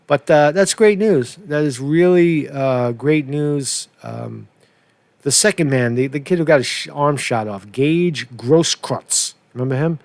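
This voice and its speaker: A man's voice: fairly high pitch, a little slow, darkish tone, no room sound. A man hosting a casual political commentary show, rambling and profane with many restarts.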